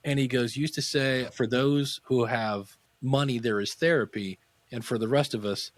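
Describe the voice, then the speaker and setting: A middle-aged man, a podcasting teacher, telling anecdotes in a casual interview and acting out quotes with sudden pitch jumps. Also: fairly even intonation, normal speed.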